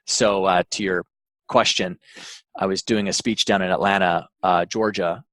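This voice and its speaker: A man, an author interviewed as a guest, telling an anecdote in a relaxed way with frequent fillers and restarts. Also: low-pitched, normal speed, dry recording. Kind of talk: interview storytelling.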